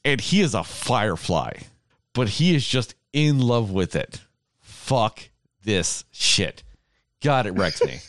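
Male co-host, worked-up and emotional, profane rant with laughs breaking in; lively pitch, dry mic. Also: slow pace, no echo. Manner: heavy swearing, worked-up ranting; emotional, laughs between words. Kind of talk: casual chat.

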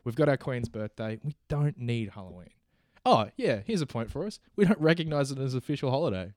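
Lively man arguing loosely. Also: medium pitch, fairly quick, dry recording, studio quality. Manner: loose, laughing rant. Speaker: podcast co-host.

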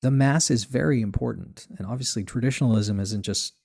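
A man's voice: medium pitch, a little fast, creaky, darkish tone, husky. A male guest in a casual conversation on faith, explaining earnestly and with emphasis.

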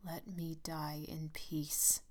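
A woman voicing a dying, bitter old man in a storybook reading, speaking in a hollow, whispery, slow way. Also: deep voice, level tone, natural voice.

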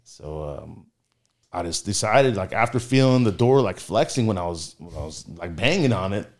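A man's voice: deep voice, animated, moderate pace, darkish tone. A man casually telling a story as a guest, rambling and full of filler words.

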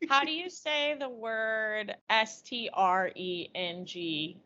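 A woman co-hosting a podcast, chatting in a relaxed, wry way and thinking aloud as she talks. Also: mid-range voice, slow pace. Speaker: podcast co-host. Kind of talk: casual chat. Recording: dull lo-fi audio.

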